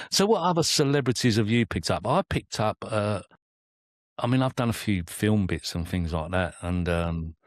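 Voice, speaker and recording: A man's voice: on the low side, animated, measured pace, no echo, clean studio sound. A man, a cab driver co-hosting a casual chat and telling anecdotes, acting out what passengers said. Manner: anecdotal storyteller, acts out passengers' lines. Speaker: London cab driver, co-host.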